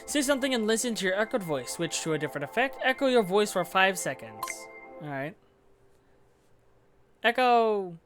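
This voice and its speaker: A chatty gaming host talks through a console demo at home in a loose, giggly, self-interrupting way. The voice sits at an everyday middle pitch, with faint music playing underneath. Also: big pitch swings, quick pace. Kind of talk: casual gameplay commentary. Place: home room with a fan running.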